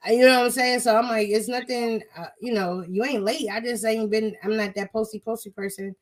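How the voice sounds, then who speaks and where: A woman's voice: on the high side, fairly even intonation, fairly quick. A woman hosting a podcast in casual chat, blunt and profane, laughing often. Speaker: podcast host.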